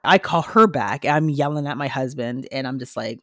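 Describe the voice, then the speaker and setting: Woman nurse on a podcast, telling her story all animated, acting out what people said, dry close sound. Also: rumbling low, normal speed, hardly any pauses, no room sound. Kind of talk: casual podcast conversation.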